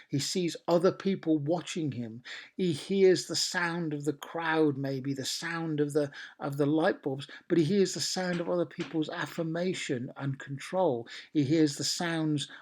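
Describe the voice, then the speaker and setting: Male coach, slightly raised pitch, questioning teaching manner. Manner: questioning, listing with many pauses. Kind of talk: teaching a training session.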